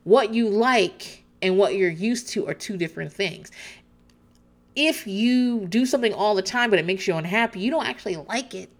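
A woman recapping a TV show in casual chat, candid and animated, often restarting her sentences and laughing. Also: mid-range voice, moderate pace.

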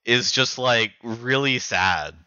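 A man's voice: mid-range voice, slow pace, pushed and bright, clean tone, no echo, highs cut off. A man co-hosting a podcast, casually recapping chapters in a rambling way with lots of fillers and restarts. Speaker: podcast co-host.

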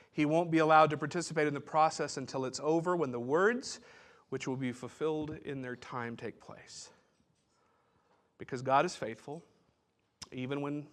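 A man's voice: on the high side, a bit bright. A man pastor giving a sermon, teaching in a conversational way with asides and restarts.

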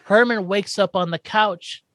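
Man, podcast co-host, casual animated recap, does character voices, dry close sound. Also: high-pitched, measured pace, dry recording. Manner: animated storytelling, acts out characters' lines. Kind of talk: casual chat.

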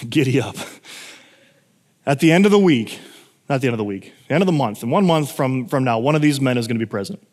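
A man's voice: medium pitch, animated, very fast, darkish tone, in a large hall. A man preaching a sermon in a casual, self-correcting way, with emphatic moments. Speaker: pastor.

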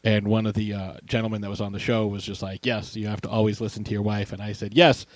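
A man's voice: on the low side, little pitch movement, quick pace, no room sound. A man co-hosting a podcast, chatting casually with joking banter and interjections. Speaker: podcast co-host. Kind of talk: casual chat.

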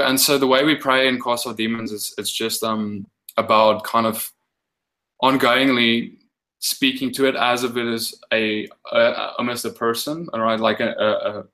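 A man's voice: medium pitch, flat delivery, moderate pace, bright, forceful tone, poor audio. Rambling man sharing a ministry story. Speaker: guest minister. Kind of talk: casual testimony and teaching.

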